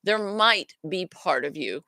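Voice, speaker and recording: Bright-voiced earnest woman teaching. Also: on the low side, lively intonation, measured pace, no echo. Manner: earnest, emphatic, often restarts and corrects herself. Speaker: self-worth teacher and host. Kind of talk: casual spoken teaching talk.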